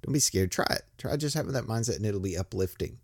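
A man's voice: on the low side, expressive, quick pace, dry recording, clean studio sound. A man preaching a casual, joking sermon and reading scripture, talking conversationally with many restarts.

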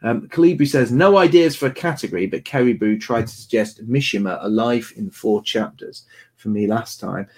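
Husky, teasing English man. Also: medium pitch, normal speed. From England. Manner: teasing, sardonic, lively. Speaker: stream host. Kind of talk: casual chat.

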